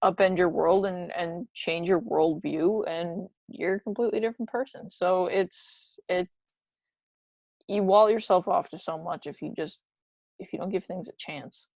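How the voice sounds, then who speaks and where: Low gravelly woman co-hosting a podcast. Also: normal speed, a little mellow, dry recording. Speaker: podcast co-host. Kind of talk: casual podcast conversation.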